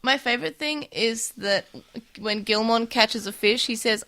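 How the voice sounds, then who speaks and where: A woman's voice: a little high, a little slow, fairly bright tone. A woman co-hosting a podcast, chatting casually as she summarizes a story. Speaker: podcast co-host. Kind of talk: casual chat recapping a cartoon.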